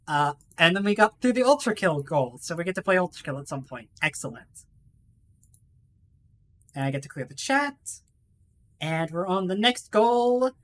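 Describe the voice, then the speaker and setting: Bright, chatty woman streamer. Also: lowish voice, slight background noise. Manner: chatty, swears casually, laughs often. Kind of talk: casual live-stream chat.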